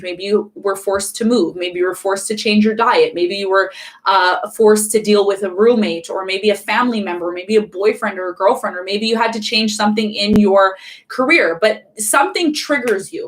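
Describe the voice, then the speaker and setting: A woman hosts a live astrology stream and talks fast. She stresses her points, repeats herself and keeps asking viewers questions. Her voice sits at an ordinary middle pitch. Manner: emphatic, repetitive, asks viewers questions; fast-talking. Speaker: astrology channel host. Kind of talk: live-streamed casual teaching.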